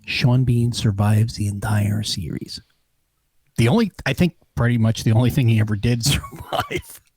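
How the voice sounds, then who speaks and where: A man's voice: mid-range voice, huge pitch swings, normal speed, a little mellow, slightly rough, dry recording. A man from New Jersey hosting a casual chat over beers, rambling and hedging as he reads viewer comments aloud. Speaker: host.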